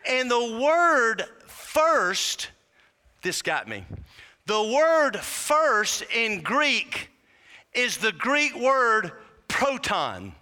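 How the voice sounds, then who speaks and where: A man preaching a sermon, fervent and humorous, rising to shouted whoops. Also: very high-pitched, big pitch swings, very slow. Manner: humorous asides to the congregation. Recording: long hall reverb.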